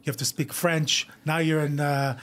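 A man's voice: a little high, steady tone, a bit bright. A man on a podcast telling rowdy family stories in casual chat, swearing and laughing as he goes. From Montreal. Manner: fast, profane, laughing while telling stories. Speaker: podcast co-host. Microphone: podcast studio mic.

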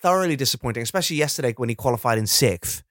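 A man's voice: mid-range voice, animated, very fast, fairly bright tone, no room sound, clean studio sound. A man co-hosting a comedy podcast, joking and acting out silly scenes in put-on voices. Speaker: podcast co-host. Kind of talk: comedic casual chat.

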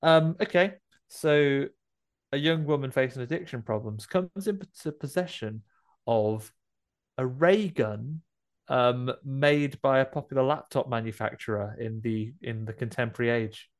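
A man's voice: mid-range voice, a little slow. A man co-hosting a podcast, joking and laughing in casual chat. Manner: jokey, laughs often. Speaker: podcast co-host.

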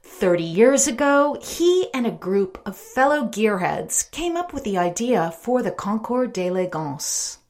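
A woman hosting a podcast, reading her narration in a measured, polished way. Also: medium pitch, sing-song, darkish tone. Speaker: podcast host. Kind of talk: interview and scripted narration.

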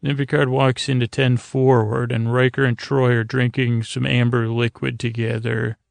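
Guy rambling through an episode recap, super gravelly voice, dry close sound. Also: medium pitch, flat delivery, normal speed, no echo. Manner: rambling, many fillers and restarts. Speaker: podcast host.

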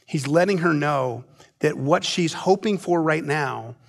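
High-voiced man preaching conversationally. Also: measured pace, vocal fry. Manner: conversational preaching with frequent restarts, dropping soft for intimate moments. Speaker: pastor. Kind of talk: sermon.

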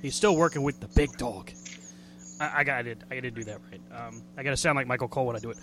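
A man's voice: mid-range voice, quick pace, a bit bright, slight background noise. A man hosting a wrestling radio show, chatting casually in a jokey, rambling way and laughing easily. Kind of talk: casual chat.

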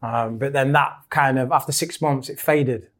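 In a medium-pitched, fairly bright voice with a steady tone and moderate pace, an Englishman who used to play football chats as a podcast guest. He tells long, rambling stories, often starting over.

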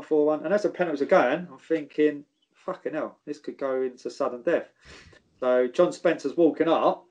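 A man recounts his football days in a casual, animated way, cursing freely. His voice sits a little high for a man. He keeps the story moving with plenty of fillers. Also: highs cut off. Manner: swears freely, animated anecdotes. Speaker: former footballer guest.

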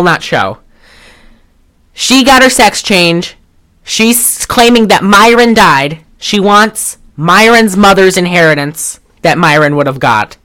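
A woman's voice: lowish voice, fairly bright tone. A woman co-hosting a podcast, reviewing a movie in casual, rambling chat and swearing offhand. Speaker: podcast co-host.

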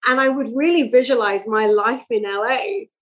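A woman, telling stories as a podcast guest in a lively, chatty way. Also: a little high, moderate pace, poor audio. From England. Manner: animated, chatty storytelling. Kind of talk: podcast interview.

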